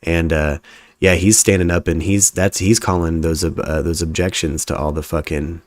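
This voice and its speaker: A man's voice: low-pitched, level tone, moderate pace, no echo. A man hosting a casual podcast chat, profane and rambling, tripping over his words. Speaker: radio show host.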